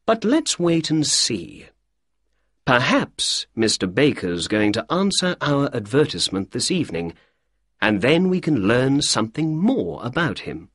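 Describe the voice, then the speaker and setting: A man reading a storybook aloud at an unhurried pace, with a husky voice and a lively, varied pitch. He reads clearly, like a graded reader. The recording is dry and close. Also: dry recording. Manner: slow, clear reading for learners. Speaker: narrator. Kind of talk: storybook audiobook narration.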